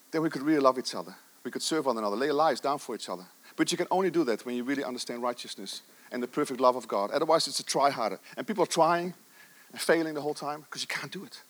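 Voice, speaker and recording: A man's voice: mid-range voice, a bit bright. A middle-aged man preaching a sermon with passion, stressing his points and repeating phrases for emphasis.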